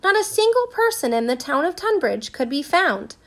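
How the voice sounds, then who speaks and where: A woman reading a children's storybook aloud with expressive, animated narration. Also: high voice, moderate pace.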